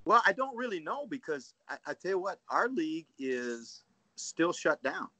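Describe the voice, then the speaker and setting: A man, a guest coach on a casual podcast call, telling animated stories and often asking "right?". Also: fairly high pitch, moderate pace, no room sound. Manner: storytelling, animated, says "dude" and "right?".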